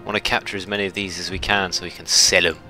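A man giving chatty, self-mocking let's play commentary, shouting orders at his ships when excited. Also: low voice, fast talker, faint music behind. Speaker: gameplay commentator.

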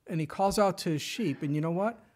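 A middle-aged man preaching a sermon in a casual, conversational way, telling the story with lively emphasis and dropping to a whisper for quoted words. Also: high voice, brisk. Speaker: pastor.

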